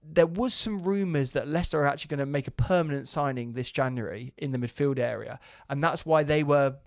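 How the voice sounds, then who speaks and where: A young man hosting a casual football podcast, matey and quick to laugh. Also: fairly high pitch, creaky, dry recording, studio quality. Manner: matey, laughs often, says "mate". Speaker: podcast host.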